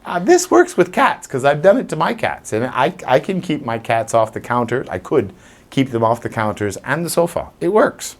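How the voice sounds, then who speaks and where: A man's voice: mid-range voice, moderate pace. A man who trains dogs, talking informally to a live audience and acting out scenes with little voices. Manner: animated, acts out scenes with voices. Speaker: dog trainer.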